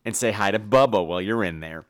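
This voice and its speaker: A man's voice: fairly low pitch, fast talker. A man hosting a comedy podcast call-in segment in a teasing, mock-indignant style. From New York. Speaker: podcast host.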